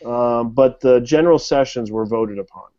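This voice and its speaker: A man's voice: medium pitch, moderate pace, mellow. A man talking casually as a podcast co-host, blunt and joking. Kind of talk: casual chat. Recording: lo-fi, dull sound.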